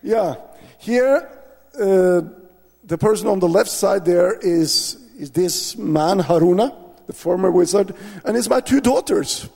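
Slow, gravelly preacher in a hall. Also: male voice, sits high, darkish tone. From Norway. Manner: earnest storytelling with many restarts. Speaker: missionary preacher. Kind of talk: testimony in a church talk.

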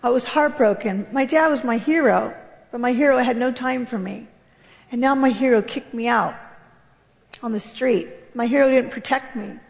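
A woman giving an emotional personal testimony to an audience, telling her story with emphatic, impassioned delivery and sudden leaps in pitch. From United States. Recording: long reverb of a large hall.

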